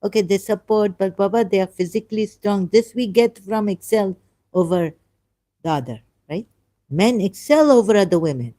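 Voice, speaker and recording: Her mid-range voice is dark in tone, with lively intonation at a normal speed. This woman, a religion critic, reads and reacts aloud to a video in casual commentary. She's exasperated, argumentative, and keeps stumbling over words.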